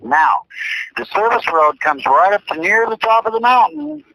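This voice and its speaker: A man telling his own story in lively podcast chat, his pitch swinging widely as he stresses points. His voice is bright and forward. He repeats himself and peppers the telling with mild swearing. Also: moderate pace, no room sound, low-quality recording. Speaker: podcast co-host.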